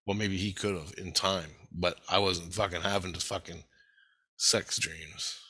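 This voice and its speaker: A man rambling through a profane, animated story about his spiritual experiences. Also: low-pitched, unhurried, breathy edge.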